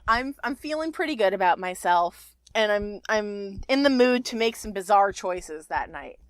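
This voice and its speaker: A young woman spins a personal story for her podcast, chatty and loose, with swearing and side-tracks. Her voice sits a little high, and it is recorded close and dry. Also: fairly bright tone, no room sound. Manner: chatty and profane, with rambling asides. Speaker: podcast host.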